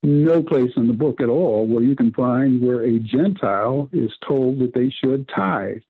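A husky-voiced man teaches scripture on a radio broadcast, breaking off and restarting his sentences. His voice comes through a narrow, tinny phone line. The sound is dry, with no room around it. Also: medium pitch, animated, dry recording. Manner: halting, many restarts and "you see". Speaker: preacher.

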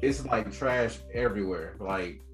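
A man on a podcast telling wild, profane stories about a friend's messy house in a loose, animated way. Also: on the low side, a little slow, echoey room, faint music behind. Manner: animated, slangy, profane storyteller. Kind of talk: casual storytelling chat.

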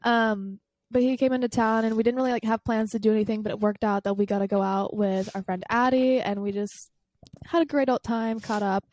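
A woman's voice: on the high side, steady tone, brisk, a little mellow, dry recording, studio quality. A woman in her twenties co-hosting a podcast, chatting casually with lots of "like" fillers. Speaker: podcast co-host. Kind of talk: casual chat.

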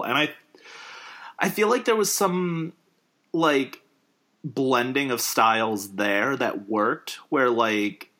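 A man casually discussing movies, rambling with many fillers and frequent jumps up in pitch. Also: a bit bright.

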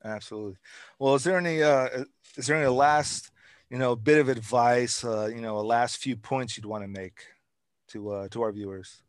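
A man's voice: medium pitch, fairly even intonation, normal speed, no room sound, clean studio sound. A man hosting a casual conversation, talking in long, repetitive runs that pile up lists of examples. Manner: repetitive, builds points by listing items. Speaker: interview host.

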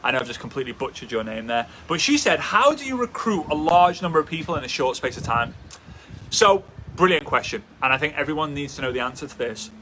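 A man coaching a live audience, his voice bright and forceful and pitched a bit high. He talks with energy and drives each point home by repeating it. A faint room ambience sits behind him. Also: sing-song, fast talker, slight background noise. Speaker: host, business coach. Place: indoors, traffic passing outside.

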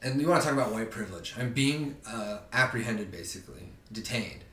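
A young man, a podcast guest, telling a story in an animated, profane way and acting out the other people in it. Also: lowish voice, a little fast. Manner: profane, animated, acts out quoted voices. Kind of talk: casual storytelling. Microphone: distant from the mic. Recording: roomy, distant mic, faint background noise.

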